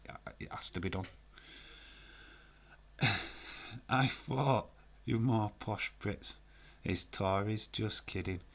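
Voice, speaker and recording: Slow, low-voiced Yorkshire man. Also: gravelly. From Yorkshire, northern England. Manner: laid-back, jokey, swearing, frequent "uh" fillers. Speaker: live stream host. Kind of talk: casual live stream chat.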